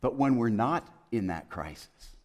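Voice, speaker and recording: A man preaching a sermon as pastor in a chapel, building through emphatic lists and dropping to soft, hushed quotes. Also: medium pitch, animated, unhurried.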